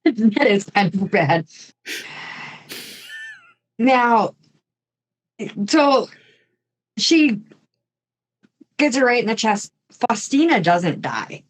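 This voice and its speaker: A woman's voice: a little high, very animated, drawn-out words, pauses often. A woman co-hosting a podcast, telling a true-crime story casually with chatty asides and mild swearing. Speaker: podcast co-host.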